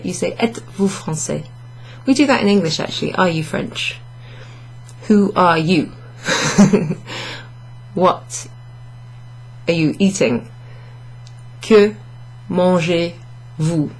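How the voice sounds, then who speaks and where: A woman's voice: on the low side, vocal fry, darkish tone, slightly rough. A woman teaching a French lesson to camera, explaining step by step and correcting herself aloud as she goes. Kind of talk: online language lesson. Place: indoors under a hot studio light. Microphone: camera facing her.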